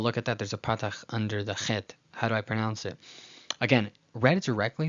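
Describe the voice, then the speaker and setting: A man teaching a recorded lesson, patiently explaining rules and slowly repeating words to model their pronunciation. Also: medium pitch, lo-fi sound. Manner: uses frequent fillers and restarts. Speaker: language teacher.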